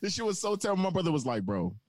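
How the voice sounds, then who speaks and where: A man co-hosting a podcast, ranting and telling stories in an animated way. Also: high-pitched, racing, a crowd in the background. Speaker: podcast co-host. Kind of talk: casual chat.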